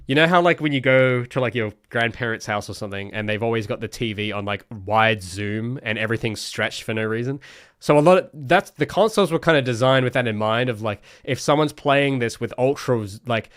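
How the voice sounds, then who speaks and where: A man's voice: mid-range voice, a bit bright, clean tone, dry recording. Young man, game developer, casual stream commentary, rambling with fillers, dry close sound. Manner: rambling, explains with many fillers and restarts.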